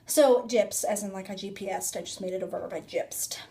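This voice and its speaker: A woman's voice: medium pitch, fairly quick, warm tone. A young woman vlogger telling a rambling casual story into her phone, full of "like" and fillers. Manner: chatty, rambling, filler-heavy "like".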